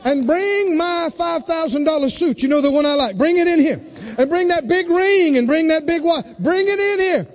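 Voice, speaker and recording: A man's voice: extremely high pitch, expressive, normal speed, pitched above the performer's own voice. A preacher voicing an overjoyed, generous older father who calls out commands for a celebration. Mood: joyful. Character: aging wealthy father, overjoyed and lavish. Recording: dull recording with long hall reverb.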